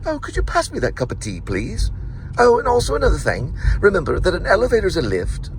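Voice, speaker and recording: A man voicing a prim, fussy British gentleman over tea, with a high, affected, mock British accent and car noise behind. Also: wildly swooping pitch, fairly quick, full character voice, poor audio. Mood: prissy. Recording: clear car noise in the background.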